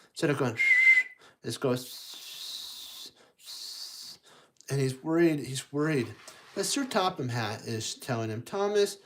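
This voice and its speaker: A storytime host reading a picture book aloud to children, animated and playful, asking them questions and making train sound effects. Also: mid-range voice.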